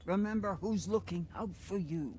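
An ominous man in a horror game, played by an actor, speaking quietly with a menacing edge. His voice sits notably high for a man, with a faint hum of ambience behind it. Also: moderate pace, lightly acted.

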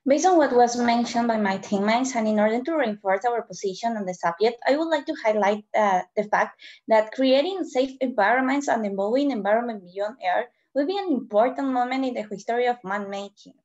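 A woman's voice: fairly high pitch, brisk, a little mellow, lo-fi sound. A young woman, a student debater, reading a prepared formal speech over a video call. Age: teenager or young adult. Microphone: computer mic on a video call.

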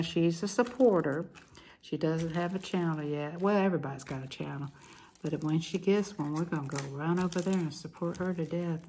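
Excitable woman vlogger, lower voice, chatty and effusive, faint noise behind. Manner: gushing, excitable, drawn-out exclamations. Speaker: hobby vlogger. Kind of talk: casual chat to viewers.

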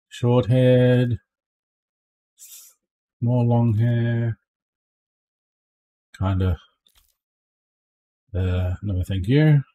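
The voice is on the low side, warm and slightly rough, belonging to an adult man streaming a space game. He keeps up casual, joking commentary, with many lines ending in a questioning "eh?".

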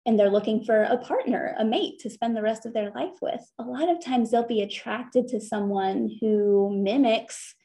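Mellow-voiced woman counselor giving a talk. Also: mid-range voice. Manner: conversational, earnest, often slows to stress points. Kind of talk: church talk on therapy.

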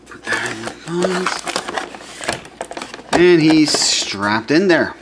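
Excitable man for casual unboxing narration, unhurried, prone to muttered asides and cursing. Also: a little high, heavy background noise. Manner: excitable, gushing, swearing, mumbled asides. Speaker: toy unboxing vlogger.

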